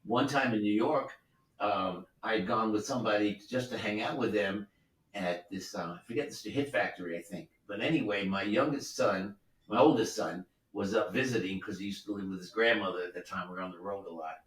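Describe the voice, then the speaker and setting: A man's voice: lowish voice, fairly quick. A man in his seventies, a record producer, telling rambling anecdotes in an easygoing way with many asides. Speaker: record producer and guest musician. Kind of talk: relaxed anecdotal storytelling. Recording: roomy sound, distant from the mic.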